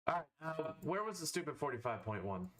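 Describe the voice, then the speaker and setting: A man streaming live, casually thinking aloud as he weighs game cards, with fillers and quick verdicts. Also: on the high side, very animated, fairly bright tone, soft background music.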